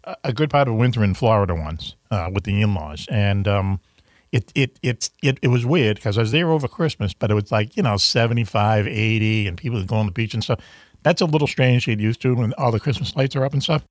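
Rambling Boston host, dry sound. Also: male voice, on the low side, a little fast, no room sound. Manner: rambling, self-deprecating, full of fillers. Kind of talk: casual chat.

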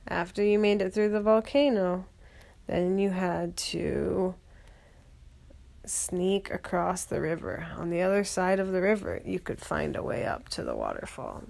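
A woman telling a bedtime story in a gentle voice, sometimes dropping to a whisper. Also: on the low side, big pitch swings, a little slow, gravelly.

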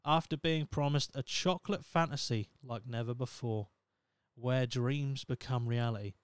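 A young man hosts a comedy podcast, reading articles aloud and breaking off into sarcastic, profane rants. His voice is smooth and full-bodied. The sound is dry, with no room around it. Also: mid-range voice, normal speed, dry recording. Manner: ranting, sweary, sarcastic asides. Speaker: podcast host. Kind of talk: casual comedic commentary.

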